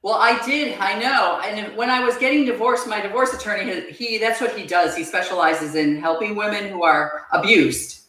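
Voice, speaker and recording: A woman guest on a podcast, telling her personal story in an earnest, halting way and repeating words as she goes. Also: mid-range voice, sharp tone. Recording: very echoey room.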